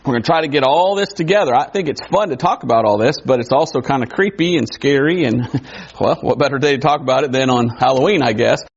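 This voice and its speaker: Gravelly-voiced male preacher, lo-fi. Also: mid-range voice. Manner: conversational, wondering aloud, quick asides. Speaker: pastor. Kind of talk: sermon. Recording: dull lo-fi recording.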